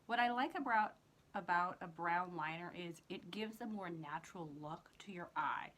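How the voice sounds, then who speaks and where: A woman's voice: fairly low pitch, normal speed, a bit bright. A woman hosting a makeup tutorial, talking casually through each step as she works, with her eyes watering. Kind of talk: casual how-to demonstration.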